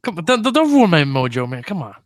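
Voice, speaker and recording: A young man hosting a casual sports podcast, energetic and jokey, with quick stumbling restarts. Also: a little high, no room sound, clean studio sound. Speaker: podcast host.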